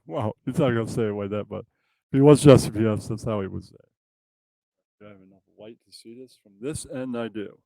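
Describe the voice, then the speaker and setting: A man's voice: on the low side, fairly quick, vocal fry, dark tone, no room sound, low-quality recording. A man hosting a casual comedic puppet show, loosely rambling through the plot.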